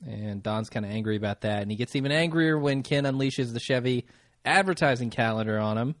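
A man co-hosting a casual podcast, easygoing and quick to laugh as he walks through an episode recap. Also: medium pitch, dry recording, studio quality. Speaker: podcast co-host.

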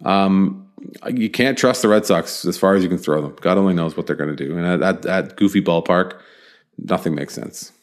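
A man with a very deep voice talks sports in a loose, rambling way. He circles back often, piling on fillers and restarts as he chats casually with a co-host. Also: normal speed. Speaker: podcast host.

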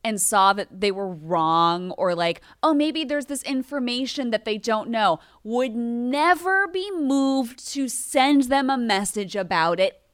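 A woman's voice: fairly high pitch, a little slow, hardly any pauses, no echo, studio quality. A woman in her thirties co-hosting a podcast, ranting in casual, profane, exasperated chat. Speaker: podcast co-host.

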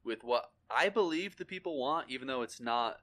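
A man's voice: medium pitch, animated, normal speed, a bit bright. Joking male podcast co-host. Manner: joking, puts on silly voices. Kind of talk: casual chat.

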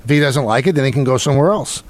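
A man's voice: mid-range voice, racing. A man hosting sports talk radio, opinionated and taking calls from listeners. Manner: opinionated, takes callers.

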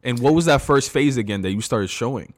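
A man's voice: medium pitch, lively intonation, brisk, dry recording, studio quality. A man hosting a podcast, talking casually and reflectively, with slangy asides as he asks his guest questions. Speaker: podcast host. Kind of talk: podcast interview conversation.

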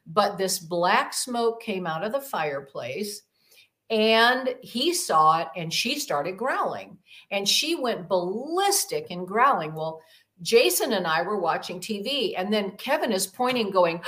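In a podcast interview, a demonologist guest tells a personal story in an animated, unhurried, mid-range voice with a bit of brightness. She rambles, leans on fillers, and acts out the voices she quotes.

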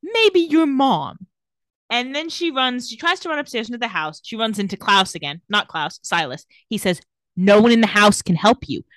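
A woman's voice: medium pitch, lively intonation, a little fast, fairly bright tone, no echo, clean studio sound. A woman in casual chat, recapping TV scenes and acting out the characters' lines. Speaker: podcast co-host recapping a TV episode.

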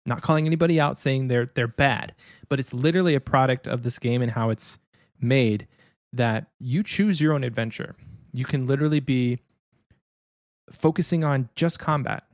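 A man's voice: medium pitch, moderate pace, dry recording, studio quality. A man co-hosting a casual gaming podcast, explaining things in an easygoing, teasing way. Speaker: podcast co-host.

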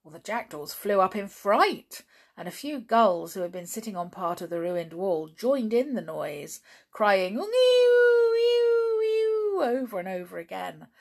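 A woman reading a children's adventure book aloud as a storyteller, with animated, expressive delivery. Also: fairly low pitch, moderate pace, vocal fry.

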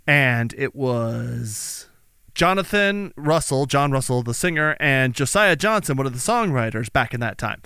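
A man with a bright, forward voice talks in loose, casual podcast chat, his pitch leaping up and down as he jokes around. He sounds recorded close in a dry studio with no room echo. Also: unhurried, clear, resonant tone. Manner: animated, jokey, does silly voices in stories. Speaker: podcast co-host.

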